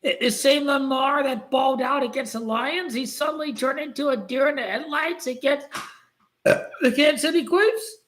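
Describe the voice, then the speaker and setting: A woman's voice: high voice, normal speed, low-quality recording. A woman giving casual, skeptical commentary with an argumentative edge. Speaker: sports commentator. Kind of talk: casual opinion talk.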